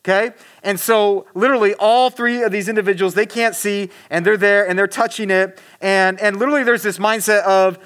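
High-voiced man preaching casually. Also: a little fast, hardly any pauses, fairly bright tone. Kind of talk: casual sermon.

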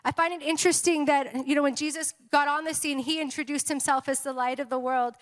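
Woman pastor, high voice, lively sermon delivery with constant call-and-response checks, church hall reverb. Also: fairly quick. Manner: animated, frequent "amen?" and "okay?" to congregation. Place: church sanctuary.

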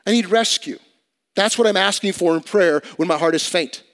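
A pastor preaching a sermon in a conversational way, swinging between loud emphatic bursts and quiet asides. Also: male voice, brisk. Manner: conversational preaching with dramatic swings in volume and pitch.

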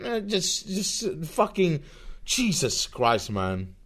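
A young man hosts his podcast alone, ranting sarcastically with a stream of swearing. His voice sits high for a man. He takes his time, drawing out his jabs at a slow pace. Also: huge pitch swings, a bit bright, breathy edge. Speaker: podcast host. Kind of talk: solo rant podcast.

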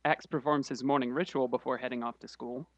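Man, podcast co-host, casual book recap, wry asides, dry close sound, mid-pitched voice. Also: steady tone, no echo, highs cut off. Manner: quick summary delivery with wry asides.

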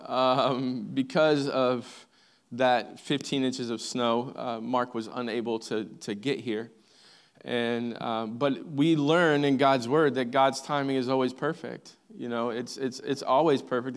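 Enthusiastic pastor introducing a speaker. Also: male voice, medium pitch. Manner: emphatic, enthusiastic, repeating his points. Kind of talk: sermon introduction. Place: church sanctuary.

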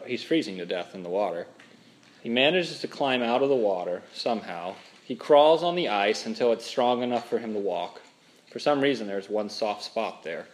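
A man from Minnesota preaching a sermon as pastor, telling stories with animated, dramatic emphasis. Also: on the low side.

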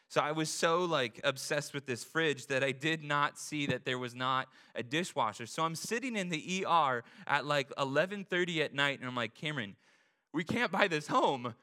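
A young man preaching a casual sermon, chatty and animated, often tossing in "right?" as he tells a story. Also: fairly high pitch. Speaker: pastor.

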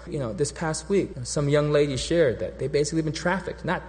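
A man's voice: on the high side, brisk, darkish tone. A man preaching a sermon in a loose, conversational way, breaking off and restarting and acting out quoted voices. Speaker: pastor. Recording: long hall reverb.

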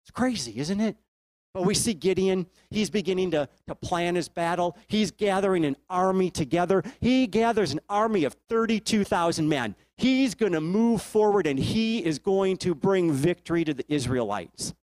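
A man's voice: high-pitched, lively intonation, moderate pace, darkish tone, dry recording. A man preaching a sermon, retelling a Bible story and putting questions to his listeners.

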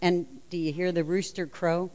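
A woman's voice: on the low side, flat delivery, moderate pace, a little mellow. A woman preacher delivering a sermon, telling the story with animation and acting out the lines of the people in it.

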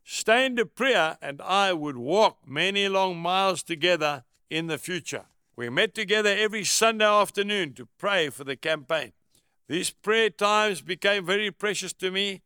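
A man's voice: sits high, pushed and bright, clear, resonant tone, dry recording, studio quality. A man narrating a first-person memoir as an audiobook, in an earnest, reflective way.

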